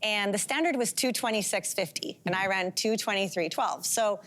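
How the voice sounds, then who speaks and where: A woman's voice: medium pitch, moderate pace, a bit bright. Chatty woman in her forties. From Canada. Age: 40s. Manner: candid, chatty, with frequent um fillers and light laughs. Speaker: guest, pro distance runner. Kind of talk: talk show interview.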